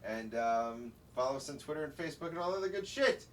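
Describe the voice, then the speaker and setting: Casual host speaking from off-mic. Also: male voice, medium pitch, animated, quick pace, fairly bright tone. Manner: loose, rambling, casual swearing. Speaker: talk show host. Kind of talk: casual show wrap-up. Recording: distant mic, faint room noise.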